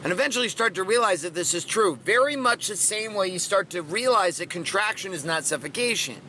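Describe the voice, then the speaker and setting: A man's voice: sits high, expressive, fairly quick, sharp tone, slight background noise. A middle-aged man hosting a motivational podcast, talking in a brash, profane, punchy way with dramatic swings. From Washington state, USA. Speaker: podcast host. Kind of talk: motivational monologue.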